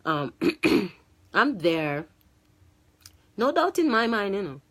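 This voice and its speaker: A woman telling a casual personal testimony about her church life, animated, with many restarts and fillers. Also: medium pitch, slow pace. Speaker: church choir member sharing a testimony.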